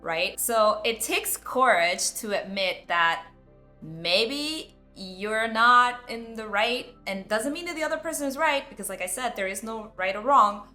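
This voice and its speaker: A woman's voice: fairly high pitch, animated, unhurried, pushed and bright, soft background music. A woman hosting a self-development video, telling a personal story in a candid, chatty way full of "like.". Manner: candid, chatty, heavy use of "like".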